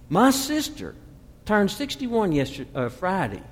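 A man in his fifties preaching a sermon, sweeping from loud emphasis to hushed asides. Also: a little high, sing-song, normal speed, in a large hall, a little hiss or hum. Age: 50s. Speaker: pastor.

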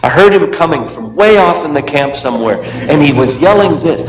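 A man with a fairly high voice tells a dramatic story to a live audience, dropping to a hush and then pressing hard on key lines. He was recorded in a big hall, and the long echo rolls off every phrase. The sound comes from a video clip being played back. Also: expressive, moderate pace. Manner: dramatic storyteller, swings between hushed and emphatic. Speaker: comedian and Christian speaker.

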